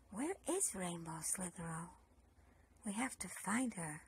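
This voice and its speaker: A woman's voice: mid-range voice, animated, a little slow, vocal fry, long pauses, slightly rough. A woman narrating a children's puppet story, coaxing and talking straight to the boys and girls.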